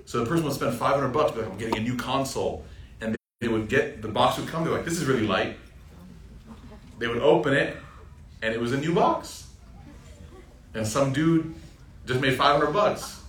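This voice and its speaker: A young man teaching an informal Quran reflection class, lively and joking, often asking the audience questions. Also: mid-range voice, normal speed. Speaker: Islamic teacher. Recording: roomy sound from a distant mic with faint ambient noise.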